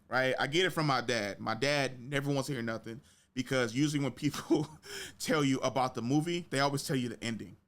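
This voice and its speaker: A young man hosting a podcast, telling stories in casual chat with slang and profanity. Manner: animated storytelling with big pitch jumps in quoted reactions. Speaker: podcast host.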